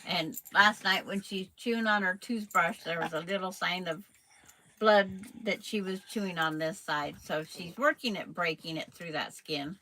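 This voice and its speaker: A woman's voice: on the low side, moderate pace, sharp tone, rough recording. An older woman hosting a casual quilting chat, chatting and cooing to a toddler in baby talk. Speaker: quilting channel host.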